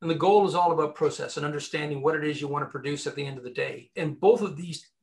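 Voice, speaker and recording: Here a male recruiter-author speaks as a guest in an interview, emphatic and lively as he tells his stories. He talks quickly, with a fairly high pitch and noticeable vocal fry.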